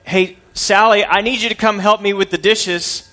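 Man doing loving old grandma, gentle, forgiving, storytelling voice. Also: high voice, steady tone, moderate pace, voice pushed up. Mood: calling. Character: kind loving grandmother on a farm.

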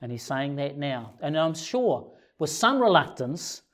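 A preacher giving a sermon, retelling scripture in a lively storytelling way. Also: medium pitch, unhurried.

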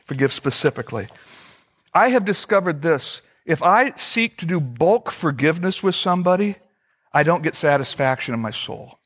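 A middle-aged male pastor preaching a sermon, earnest, slowly repeating key phrases for emphasis. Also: on the high side, expressive, a bit bright, breathy edge.

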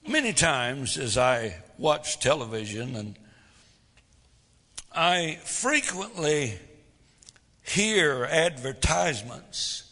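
A man's voice: a little high, animated, very slow, long pauses, pushed and bright, big-room sound. A man preaching a sermon as pastor, folksy, full of rhetorical questions, swelling and dropping for drama.

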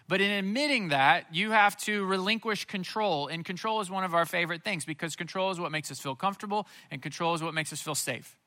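Bright-voiced man preaching a sermon. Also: high-pitched, brisk. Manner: earnest preaching, repeats phrases for emphasis. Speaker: pastor. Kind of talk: Christmas Eve sermon.

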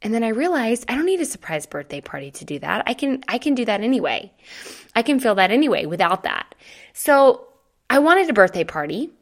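A woman in her thirties telling a personal story in a chatty, animated way, acting out quoted dialogue. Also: fairly high pitch, fairly quick. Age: 30s. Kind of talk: casual storytelling to camera.

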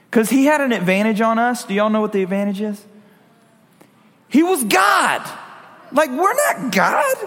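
A man with a high voice gives a relaxed, conversational sermon, tossing in jokes and asking his listeners questions. His voice rings out with the long reverb of a hall. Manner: conversational, jokey asides to the audience. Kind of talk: casual sermon.

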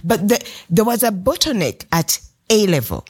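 Lively Ugandan woman telling stories. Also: medium pitch, normal speed, husky. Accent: Ugandan English. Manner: animated anecdotal telling, laughs often. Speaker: guest author. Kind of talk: podcast interview storytelling.

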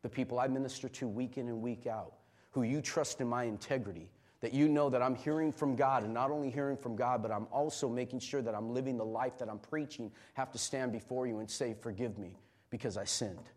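A middle-aged male pastor preaching a sermon, moving from quiet emotional confession to loud, shouted exhortation. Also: medium pitch, fairly even intonation, fairly quick.

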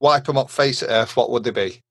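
A man from England, hosting a casual podcast chat, chatty and quick to laugh. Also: mid-range voice, gravelly, fairly bright tone, no room sound. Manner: chatty, laughs often, repeats words when starting. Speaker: podcast host.

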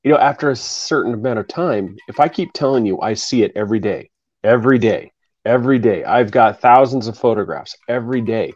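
A man's voice: medium pitch, lively intonation, a little fast, a little mellow, muffled recording. A man hosting a podcast, talking in a rambling way that keeps restarting. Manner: rambling, restarts and repeats himself. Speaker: podcast host. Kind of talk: casual chat.

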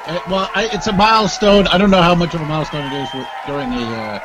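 A man's voice: on the high side, quick pace, crowd noise, poor audio. A man co-hosting a comedy podcast in casual chat, rambling and hesitant, acting out little exchanges. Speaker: podcast co-host.

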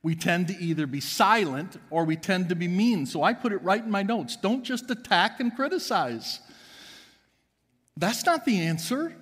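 A pastor delivering an emphatic sermon in a church, swinging between loud and hushed. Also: male voice, high voice, expressive, normal speed, breathy edge, big-room sound. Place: church sanctuary.

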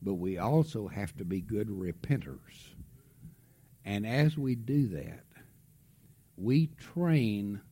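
A middle-aged man preaching, telling a family story with lively swings from loud outbursts to hushed tones. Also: on the low side, takes it slowly, long pauses, breathy edge. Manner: animated storytelling, drops to a hush for tender moments. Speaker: pastor. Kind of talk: sermon storytelling.

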